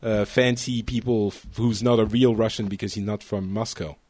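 A man's voice: on the low side, steady tone, normal speed, darkish tone, no echo. A man from France hosting a casual panel podcast, playful and teasing, often laughing at his own slips. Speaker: podcast host.

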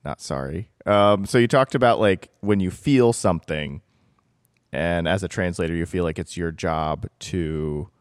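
A man's voice: low-pitched, a little slow, clean tone, no room sound, studio quality. A man hosting a podcast, asking curious questions and making self-deprecating jokes. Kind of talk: podcast conversation.

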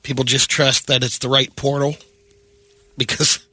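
A man reading news items on a morning radio show, steady with dry asides. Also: medium pitch, normal speed, slightly rough, no room sound. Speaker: radio news segment host.

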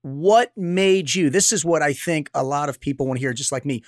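A man's voice: fairly high pitch, normal speed, dry recording, clean studio sound. A man hosting a podcast interview, blunt and enthusiastic, with casual profanity. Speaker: podcast host, former SEAL.

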